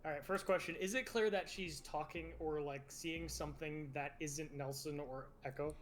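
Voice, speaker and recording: A man's voice: a little high, fairly even intonation, normal speed. A man playing a tabletop role-playing game in an easygoing, mild way. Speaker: player.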